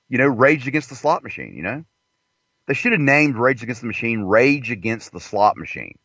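A man's voice: mid-range voice, pushed and bright, breathy edge, no room sound. A man doing a rambling, profane comedy monologue from inside a parked car. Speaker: comedian host. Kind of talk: crude stand-up monologue. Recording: dull lo-fi, dry.

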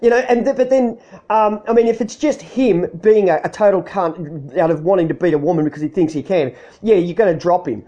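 A man in casual chat, rambling, profane and quick to laugh. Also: sits high, warm tone, dull audio.

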